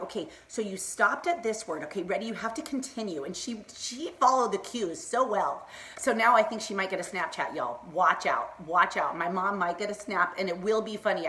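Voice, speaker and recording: A middle-aged woman's bright, forceful, medium-pitched voice fills a casual Facebook Live chat. She's bubbly and rambling, laughs a lot, and calls out her viewers by name.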